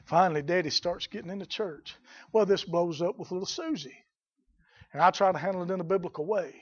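Fiery preacher, high-pitched man. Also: fairly quick, slightly rough. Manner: fiery preaching with shouted peaks. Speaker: pastor. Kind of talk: sermon. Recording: dull lo-fi recording.

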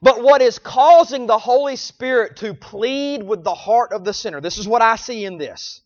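A man preaching a sermon, repeating phrases and swinging between loud pleading cries and low, quiet lines. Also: moderate pace, no room sound, dull audio.

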